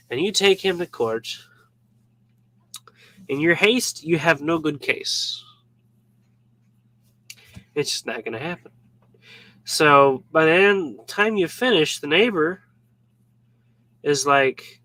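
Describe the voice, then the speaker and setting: Bright-voiced man giving casual Bible teaching. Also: a little high, expressive, slow, pauses often, low-quality recording. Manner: informal, joking, acts out little scenes.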